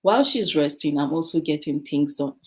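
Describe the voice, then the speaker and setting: An African-born woman with a low voice talks as a guest in a casual interview. She tells stories from her own life in a lively way and laughs often. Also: fairly quick. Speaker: guest, beautician.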